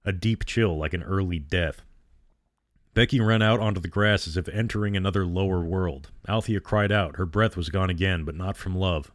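Male storyteller, deep-ish voice, measured horror narration, dead-dry booth sound. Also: dry recording.

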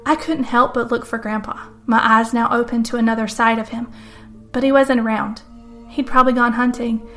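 Woman, fairly high voice, scripted first-person story narration, calm, measured pace. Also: soft background music.

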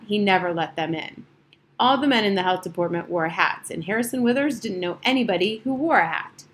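A woman reading an audiobook chapter aloud in a measured, steady storytelling manner. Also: mid-range voice, slight background noise. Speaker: audiobook narrator. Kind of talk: audiobook narration.

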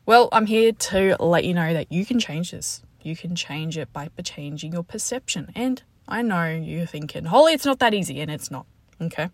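A woman's voice: low-pitched, animated, normal speed, dry recording. A woman hosting a podcast, chatty, upbeat and candid in a casual motivational talk, recorded in a parked car. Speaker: podcast host. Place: parked car after the gym.

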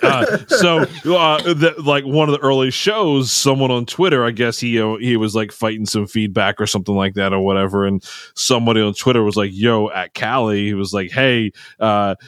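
A man's voice: on the low side, normal speed, a bit bright, clear, resonant tone, no room sound, studio quality. A man co-hosting a casual podcast, rambling and laughing as he retells stories and quotes others. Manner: rambling, laughing, quoting others in put-on voices. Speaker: podcast co-host, live sound engineer. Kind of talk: casual chat.

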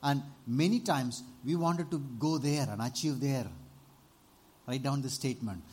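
A man preaching a sermon, animated, often asking the congregation for amens and rising to loud exclamations. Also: medium pitch, unhurried, slightly rough. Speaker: pastor.

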